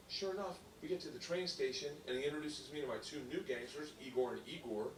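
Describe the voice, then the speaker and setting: A man's voice: mid-range voice, quick pace, hardly any pauses, a bit bright, slight background noise. A man in his forties telling a rowdy stand-up story, laughing and bellowing his punchlines. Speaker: stand-up comedian. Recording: stand-up clip played back in an echoey room from far off.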